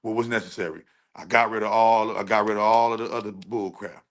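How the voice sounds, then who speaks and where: A man's voice: on the low side, steady tone, brisk, a bit bright. A man hosting a livestream, talking intensely and emphatically, often repeating and restarting his phrases. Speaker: livestream host. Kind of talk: livestream rant.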